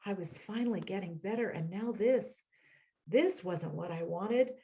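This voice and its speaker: On a video call, a woman reads aloud from her memoir through her home computer's mic, her medium-pitched voice mellow. She reads in a measured, reflective way, pausing for short personal asides.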